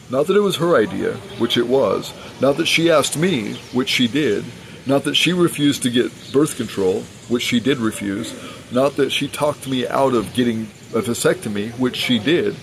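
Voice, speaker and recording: A man with a gravelly, fry-heavy voice at a middling pitch talks straight to camera in a personal vlog. He sounds earnest and insistent, laying out his grievances one point at a time. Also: slight background noise, low-quality recording. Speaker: father telling his story.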